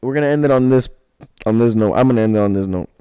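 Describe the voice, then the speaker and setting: A laid-back young man co-hosting a casual podcast, with a smooth, clean voice. He drawls and swears easily, sounding like he is just chilling. His pitch is in a middle range for a man. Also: rapid-fire, warm tone. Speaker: podcast co-host. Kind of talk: casual chat.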